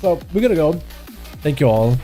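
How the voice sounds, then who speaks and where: A man streaming live, commentating game duels in an excitable, chatty way and talking to his chat. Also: on the high side, fairly quick, soft background music.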